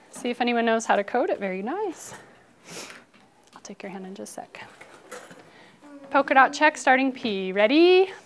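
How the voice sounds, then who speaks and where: A brisk woman teacher leads young pupils through a phonics drill, her voice sitting a little high. She calls out words, praises the class, and sometimes slips into a quiet whisper for one child. A faint noise hangs behind her in the classroom. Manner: brisk, encouraging, drops to hushed whispers with single pupils.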